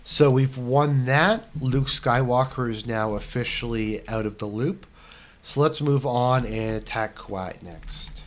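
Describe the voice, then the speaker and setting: A man's voice: mid-range voice, a little slow. A young man casually answering viewer questions while playing a strategy game, rambling with lots of fillers. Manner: rambling, filler-heavy, restarts. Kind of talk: casual commentary while gaming.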